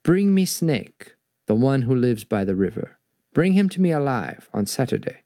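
A man reads aloud as a big male storybook tiger who schemes to trick a smaller animal. The voice is gravelly and lively, recorded dry and close. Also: mid-range voice, moderate pace, no room sound. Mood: sly. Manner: sly, teasing storybook read-aloud.

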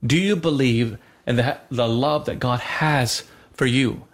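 A man's voice: medium pitch, a little slow. A man in his thirties co-hosting a Christian talk show, teaching in an earnest, conversational way with many fillers and restarts.

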